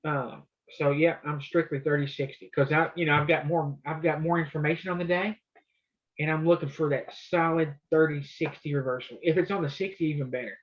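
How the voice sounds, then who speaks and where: Male trading coach, casual explainer, fairly high voice, dull lo-fi sound. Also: steady tone, brisk. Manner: loose, conversational explaining. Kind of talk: casual live coaching session.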